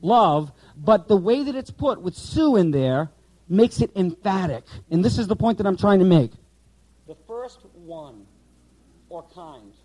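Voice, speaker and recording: A man leads a classroom Bible lesson for pastors in training, in a somewhat high, mellow voice. He is emphatic, repeats key words and throws questions at the class. The sound is dry and close, fading at times as he steps away to write on the board. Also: animated, measured pace, no room sound, low-quality recording.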